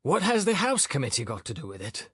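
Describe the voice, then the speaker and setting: An irritable older professor, sarcastic and exasperated, his voice jumping high with indignation and swinging widely, as a male audiobook reader puts him on. Dry and close, an audiobook character voice. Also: wildly swooping pitch, fast talker, a bit bright, breathy edge, no room sound, full character voice.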